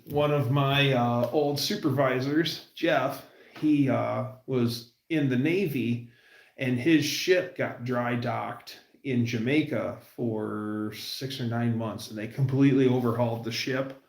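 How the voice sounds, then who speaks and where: A man with a gravelly, fry-laden voice rambles through casual stories on a livestream. He talks loosely with restarts and drifting tangents, recorded in a roomy space with noticeable echo. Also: mid-range voice, fairly even intonation. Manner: rambling, storytelling, puts on quick voices for quotes. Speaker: livestream host.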